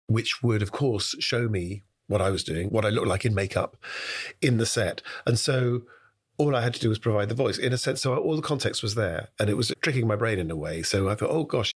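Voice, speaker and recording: His voice lowish and husky, a British guest impressionist trades stories in a snappy, conversational interview, now and then slipping into impressions.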